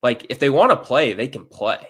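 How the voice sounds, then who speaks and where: A man from near St. Louis, a guest reporter giving opinions on college football in casual, animated talk, filling it with "like.". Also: mid-range voice, moderate pace, slightly rough. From near St. Louis, US Midwest.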